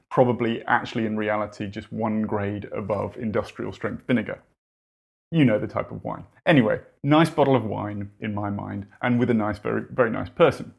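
A man's voice: on the low side, a little fast, gravelly. A man preaching a sermon in an earnest, conversational way, with wry asides.

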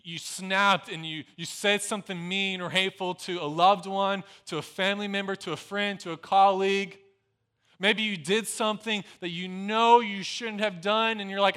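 Bright, high-voiced young male pastor. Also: fairly even intonation, moderate pace. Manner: storytelling, earnest, dropping to a soft hush in prayer. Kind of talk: sermon.

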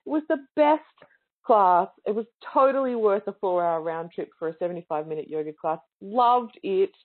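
A woman tells a chatty, excited anecdote to an online audience. She speaks at a middling pitch. The sound is thin and narrow, like a phone line. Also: normal speed. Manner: chatty and enthusiastic, acting out quoted voices. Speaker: yoga student speaking to yoga teachers. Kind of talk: casual spoken anecdote. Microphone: online call or webinar audio.

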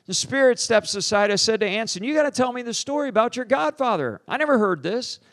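A middle-aged man, a pastor, preaching by telling a story, acting out the dialogue with jumps in pitch and loudness. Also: expressive, fast talker, no echo. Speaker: pastor and teacher on deliverance. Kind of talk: storytelling sermon.

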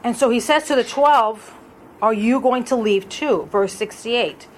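A woman's voice: fairly high pitch, measured pace, a little hiss or hum, low-quality recording. A woman leading a Bible study in a conversational way, asking the group questions as she reads through verses. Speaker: Bible teacher.

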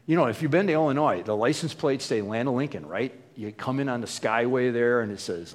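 A man's voice: medium pitch, animated, a little fast, few pauses, big-room sound. A man preaching a sermon, telling stories in a chatty way with fillers and restarts. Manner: conversational storytelling with fillers and restarts. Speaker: pastor.

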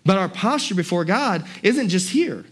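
A man preaching a sermon to his church congregation, conversational and animated, with playful asides. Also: high voice, moderate pace, breathy edge. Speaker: pastor. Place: church sanctuary.

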